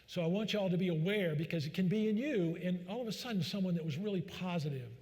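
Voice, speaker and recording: Fast and high-pitched, with a darkish tone, a physician delivers a lighthearted, folksy public talk crammed with fillers. The setting is a large church hall, and the recording has its long reverb.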